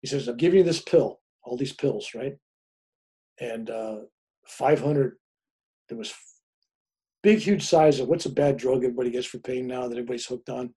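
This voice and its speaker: Older guy spinning a story, husky mellow voice, does all the voices. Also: medium pitch, moderate pace, long pauses. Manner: animated storyteller, acts out quoted voices. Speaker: guest, reverend. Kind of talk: casual storytelling.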